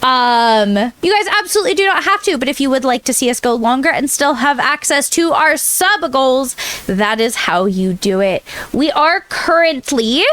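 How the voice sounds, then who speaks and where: A high-voiced young woman from Southern California chats casually on a live stream, with a Southern Californian accent that has been mostly softened. She talks to her viewers in a playful, dramatic way, with mock outrage and quick asides. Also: lively intonation, dry recording. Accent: Southern Californian, trained down. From Southern California (San Diego). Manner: chatty and playfully dramatic, talking to chat.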